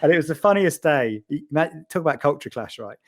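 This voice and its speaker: A man, a podcast guest, telling lively anecdotes in casual storytelling style and acting out the voices of people he quotes. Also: on the high side, fairly quick.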